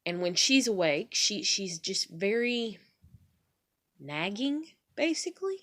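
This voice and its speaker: A woman's voice: medium pitch, very animated, slow, fairly bright tone. A woman, rambling through a personal story in a candid vlog and swearing casually. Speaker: vlogger.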